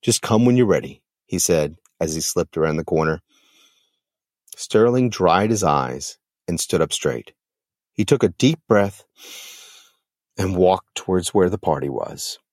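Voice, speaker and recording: A man hosting a podcast and narrating a story in an expressive, dramatic manner. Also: lowish voice, no echo, clean studio sound. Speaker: podcast host.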